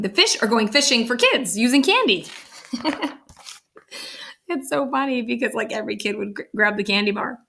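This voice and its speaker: A woman's voice: a little high, a bit bright. A woman reading a picture book aloud, breaking off for chatty, amused asides. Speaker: storybook reader. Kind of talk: read-aloud storytelling with asides.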